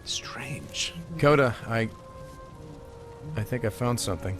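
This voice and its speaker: An actor playing a young male warrior in a video game cutscene, speaking in a hushed, uneasy way. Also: medium pitch, slow pace. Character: young male dark warrior exploring a ruin. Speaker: game character. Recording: game audio with music and rain.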